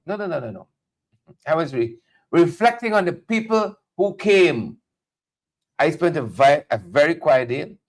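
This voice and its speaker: A man hosts a casual morning live stream. His voice sits a little high, and he is chatty and playful, repeating words as he greets viewers one by one. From Caribbean. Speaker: morning show host.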